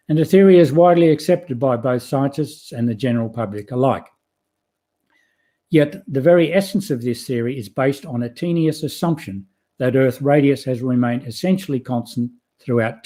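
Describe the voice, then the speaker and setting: Brief: hoarse man, guest geologist, warm mellow tone, earnest and emphatic, stumbles and restarts words. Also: mid-range voice. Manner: earnest, emphatic, with frequent self-corrections. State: hoarse, losing his voice. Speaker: guest geologist presenting his theory. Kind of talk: prepared presentation, then interview answers.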